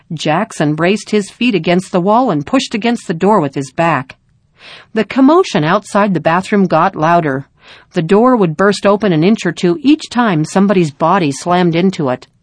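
Lower-voiced woman narrating a story. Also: no echo.

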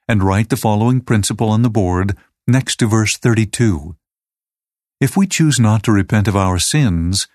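A man reading aloud a teacher's lesson manual in a measured, even, scripted way. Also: lowish voice, dry recording, studio quality.

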